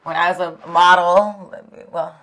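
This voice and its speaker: A young adult woman, a fitness trainer, chatting in an interview, an animated storyteller who laughs often and swears freely. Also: on the low side, measured pace. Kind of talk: casual interview chat.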